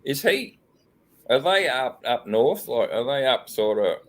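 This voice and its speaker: A man's voice: mid-range voice, big pitch swings, measured pace. An Australian man hosting a casual live-stream chat, rambling with lots of fillers and frequent laughs. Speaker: host.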